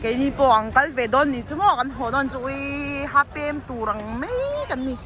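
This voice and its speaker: Woman vlogger with a Mizo accent, high and slow-paced, excitable, loud outdoor crowd. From Mizoram, India. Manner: excited exclamations, mixing English with another language. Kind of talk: casual vlog commentary. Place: outdoors at a fireworks show.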